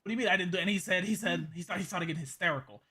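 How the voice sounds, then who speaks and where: A man with a high, bright voice recounts an encounter in character during a roleplay. He rambles, stammers and repeats words as he tells it. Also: rapid-fire, husky. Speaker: roleplay character giving a statement. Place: game voice chat.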